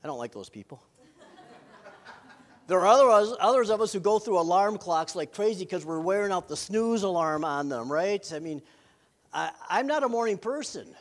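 A man's voice: high-pitched, animated, fairly quick. A middle-aged man, a pastor, preaching a sermon in an earnest way with self-deprecating humor.

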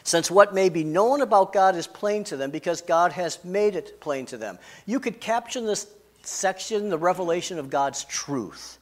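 A man preaching a sermon, emphatic, rising and falling in loudness and pace. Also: sits high, lively intonation, normal speed. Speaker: pastor.

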